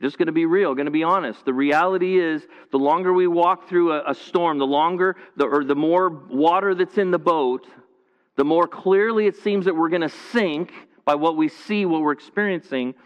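A man's voice: on the high side, normal speed, big-room sound, highs cut off. A man delivering a sermon to viewers at home, conversational and earnest, often restarting and repeating phrases. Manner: conversational preaching with frequent restarts and repetition. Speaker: pastor. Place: church, streamed to viewers at home.

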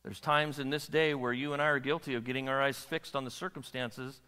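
A man preaching a sermon as a pastor, animated and often checking in with the audience. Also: mid-range voice, a little fast, smooth, long reverb tail. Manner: animated, asks the audience questions.

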